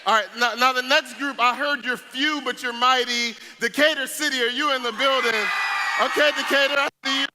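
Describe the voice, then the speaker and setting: High-voiced hype man working a crowd. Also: steady tone, fairly quick. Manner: playful, hype, joking with audience. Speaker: youth event speaker. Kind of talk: energetic stage talk to a crowd. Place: large event hall with audience. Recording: noisy live event recording.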